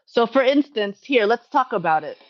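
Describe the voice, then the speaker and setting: A woman with an expressive voice on the high side speaks at a moderate pace in a muffled recording. Hosting a livestream Q&A from home, she talks to her chat in a rambling, self-correcting way, laughing frequently.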